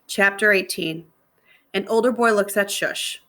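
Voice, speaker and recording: A woman, a middle school teacher, reading a novel aloud to her students in a steady narrating voice. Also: lowish voice, normal speed.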